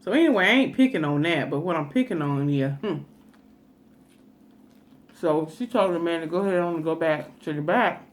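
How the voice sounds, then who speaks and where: A woman's voice: low-pitched, expressive, normal speed, pauses often. Chatty woman telling a story while eating. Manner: chatty, folksy, with laughing asides. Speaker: food vlogger.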